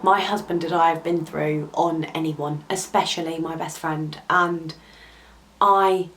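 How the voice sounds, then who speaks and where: A young woman talks straight to camera in a low, candid voice, earnest and confiding. She pauses often on soft ums and sometimes sounds close to tears. A faint hum of background noise sits under her. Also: flat delivery, poor audio. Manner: heartfelt and confiding, with hesitant ums. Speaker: vlogger. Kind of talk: candid personal talk to camera.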